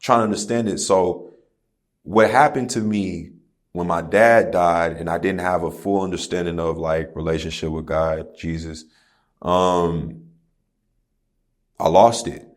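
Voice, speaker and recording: Deep-voiced man telling his story candidly. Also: fairly even intonation, a little slow, long pauses. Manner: candid, profane storytelling with slang like "bro" and "you feel me". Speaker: podcast guest, rapper. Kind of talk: casual conversation.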